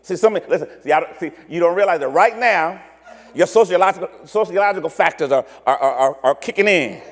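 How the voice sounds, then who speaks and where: A man preaching a sermon. His voice sits high for a man, and the long reverb of a big hall rings behind him. He stumbles and restarts often and acts out little dialogues as he goes. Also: expressive, brisk. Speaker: pastor.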